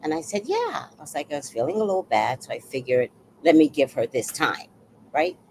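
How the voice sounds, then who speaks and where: A woman's voice: sits low, a little fast, a little hiss or hum, poor audio. A woman telling a personal story in a casual monologue, acting out what others said. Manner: animated, acts out quoted voices.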